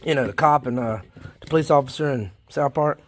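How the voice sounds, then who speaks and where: A man's voice: mid-range voice, fairly quick, slight background noise. A man, chatting casually and folksily as he films his worm bins. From South Carolina, United States. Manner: rambling, folksy, easily excited. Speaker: worm farming vlogger. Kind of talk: casual chat while filming.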